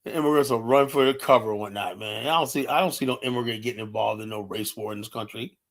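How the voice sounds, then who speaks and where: A man's voice: medium pitch, fast talker, a bit bright. A man streaming a heated, casual rant, blunt and profane, with constant "you know" fillers. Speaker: live streamer.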